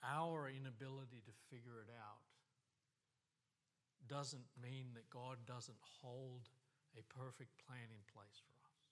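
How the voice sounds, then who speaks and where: Bright-voiced man preaching slowly. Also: on the high side. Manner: impassioned preaching, voice rising and falling. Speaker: pastor. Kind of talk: sermon.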